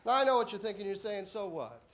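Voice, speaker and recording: A man doing a stand-up comedy routine on a club stage, deadpan setups that burst into shouted punchlines. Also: high-pitched, quick pace. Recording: live club audience laughing. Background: audience laughter and applause.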